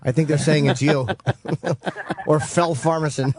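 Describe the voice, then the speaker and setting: Sarcastic joking radio co-host. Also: male voice, a little high, steady tone, measured pace, darkish tone, slightly rough, no echo. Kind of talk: casual radio banter.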